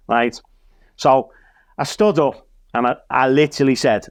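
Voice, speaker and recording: A man with a Liverpool accent tells a lively anecdote in an ordinary mid-range voice. He acts out the dialogue as he goes. The recording is dry and close. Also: mid-range voice, normal speed, dry recording. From Liverpool, England. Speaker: guest comedian and minister. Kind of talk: casual anecdote.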